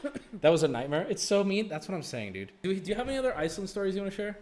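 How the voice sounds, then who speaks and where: A man's voice: high voice, rapid-fire. A man hosting a stream, telling a story in casual chat and acting out other people's lines. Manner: animated, acts out others' lines in quotes. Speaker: streamer host.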